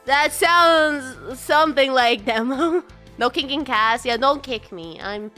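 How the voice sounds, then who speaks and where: A woman streams live and chats casually with her viewers, bubbly and full of laughter as she greets them in a high sing-song. She speaks slowly in a sharp tone, with faint music behind.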